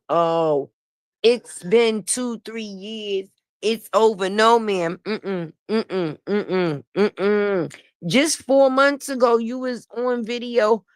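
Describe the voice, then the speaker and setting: A woman's voice: high voice, fairly bright tone, no echo. A woman giving casual gossip commentary on a livestream, blunt, sassy and profane, laughing often. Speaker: online commentator.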